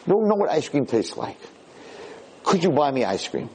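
A man's voice: big pitch swings, normal speed, warm tone, a little hiss or hum. A man voicing a young boy eagerly begging his mother for ice cream. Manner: high, eager pleading.

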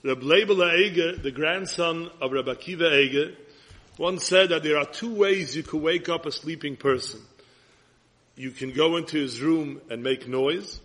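A man with an Ashkenazi Hebrew pronunciation giving an earnest sermon as a rabbi, his voice husky. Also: on the high side, moderate pace, a bit bright.

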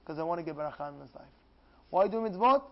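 A man giving an animated Torah class as a rabbi, acting out dialogues and repeating phrases with mounting excitement. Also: on the high side, rapid-fire, lo-fi sound. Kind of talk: animated sermon.

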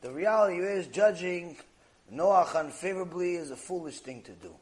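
Male Torah lecturer with a high, very expressive voice and animated storytelling. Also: normal speed. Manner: animated storytelling, acting out dialogue.

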